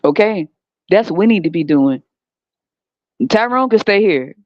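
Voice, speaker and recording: A woman's voice: mid-range voice, lively intonation, unhurried. Brief: American woman podcaster, blunt and emphatic, swears freely, muffled lo-fi sound with no room echo. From United States. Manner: profane, emphatic ranting with frequent rhetorical questions. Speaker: podcast host. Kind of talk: unscripted monologue. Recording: dull, dry lo-fi recording.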